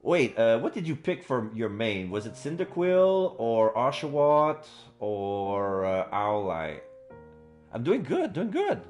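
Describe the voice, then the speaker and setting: A male streamer chatting casually with viewers on a live stream, halting with many fillers and quick bursts of excitement. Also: mid-range voice, dull audio, soft background music.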